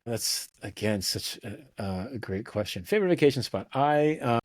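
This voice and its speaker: A middle-aged man talking as a podcast guest in a casual, relaxed way, with many fillers and restarts. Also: mid-range voice, moderate pace, dry recording, studio quality. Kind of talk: casual conversational interview.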